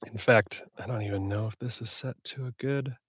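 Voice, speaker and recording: A man's voice: mid-range voice, normal speed, breathy edge, dry recording, clean studio sound. A man with a slightly scratchy voice, rambling casually to himself as he sets up a live stream. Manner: rambling self-talk while setting up software. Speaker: streamer and audiobook narrator. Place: home recording setup.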